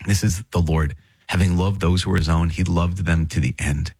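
Man, low voice, husky, dry close sound, earnest catechism teacher, chatty asides, repeats himself for emphasis. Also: fairly even intonation, moderate pace, a little mellow, dry recording. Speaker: podcast host teaching the Catholic catechism. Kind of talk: casual teaching with read passages.

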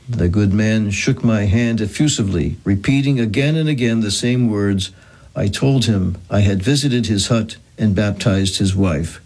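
A man reading a historical account aloud in a measured, solemn manner. His voice sits low and sounds husky and breathy. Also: a little mellow. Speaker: narrator. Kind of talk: scripted narration of a historical account.

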